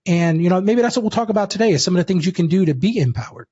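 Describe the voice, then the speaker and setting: A man telling a personal story in a lively, casual way as a guest, calling the listener "dude". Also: high voice, racing, breathy edge, lo-fi sound. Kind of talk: animated storytelling.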